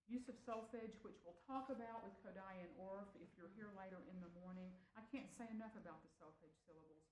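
A woman presenting a music teaching workshop, chatty and animated, often saying "you know" and laughing lightly. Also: lowish voice, slight background noise. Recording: roomy echoing room.

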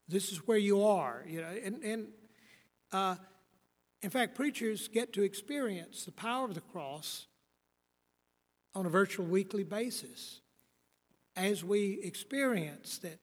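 Preacher, man, 60s; high bright voice, rambling and wry, echoing hall. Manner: rambling, wry and blunt, with many fillers. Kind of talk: lecture on preaching.

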